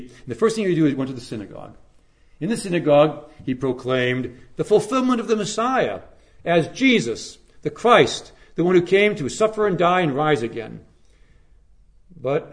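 A male pastor delivering a slow, emphatic sermon, letting his phrases fall to a hush at the ends. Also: mid-range voice. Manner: slow, emphatic preaching with hushed, falling phrase endings.

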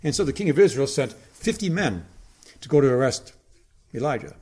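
A man preaching a sermon in a dramatic way, with emphatic pauses and sudden drops to a hush. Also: mid-range voice, very animated, slightly rough.

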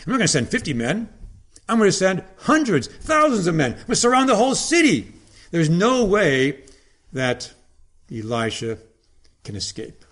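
A man's voice: high-pitched, huge pitch swings, normal speed, fairly bright tone, voice pushed up, full character voice. A man voicing a boastful, scheming king while retelling a story in a sermon, in a smug, boastful tone. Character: scheming, boastful male king of ancient times.

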